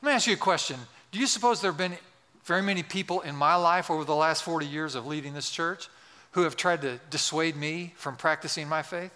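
Bright-voiced older preacher, echoing hall. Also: male voice, fairly high pitch, a little fast. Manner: emphatic preaching, repeats key phrases, asks the congregation. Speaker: pastor. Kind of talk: sermon. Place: large church sanctuary. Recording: long reverb of a large hall.

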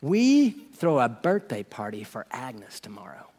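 A visiting preacher who talks low and coaxing, as if sharing a plan in confidence, as a man plays him in his sermon. The voice hangs in a long hall reverb. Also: sing-song, normal speed, husky. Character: earnest visiting male preacher, gently persuasive.

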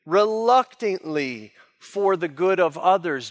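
A man's voice: sits high, slow, few pauses, fairly bright tone. A man preaching a sermon as pastor, in an earnest, emphatic way. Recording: long reverb of a large hall.

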